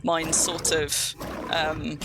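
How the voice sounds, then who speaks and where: A woman's voice: deep voice, flat delivery, over music. A woman from England with a near-standard accent and a slight Kentish twang, chatting casually through a live-streamed game in a rambling, self-mocking way. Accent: near-standard English with slight Kentish twang. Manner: chatty, rambling, quick to laugh at herself.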